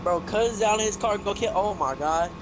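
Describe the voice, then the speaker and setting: A man's voice: high-pitched, moderate pace, background noise. A man gaming online with friends, trading playful trash talk. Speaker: gamer, channel host. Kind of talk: casual gaming chat.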